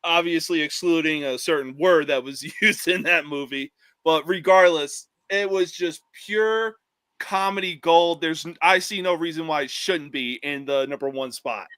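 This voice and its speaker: A man's voice: on the high side, a little slow, fairly bright tone, clean tone. A man co-hosting a podcast who talks through his top movie pick in an earnest way. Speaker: podcast co-host. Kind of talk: casual chat.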